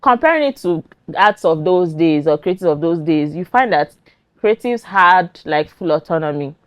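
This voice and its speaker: Brief: Nigerian woman, panel guest, lowish voice, dry close recording, measured. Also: expressive, smooth, dry recording. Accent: Nigerian English. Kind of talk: casual panel chat.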